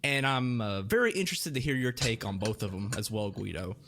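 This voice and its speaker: A man's voice: lowish voice, lively intonation, fairly quick, a bit bright, a little hiss or hum. A man hosting a movie review podcast in casual, jokey, self-deprecating chat. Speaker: podcast host.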